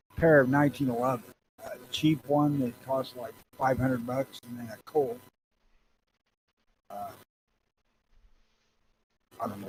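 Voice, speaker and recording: A man's voice: mid-range voice, background noise. A man co-hosting a podcast in casual chat, talking in a laid-back, rambling way. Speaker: podcast co-host.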